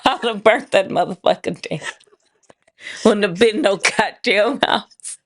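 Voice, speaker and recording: A woman co-hosting a podcast in casual chat, blunt and teasing and quick to laugh. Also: medium pitch. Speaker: podcast co-host.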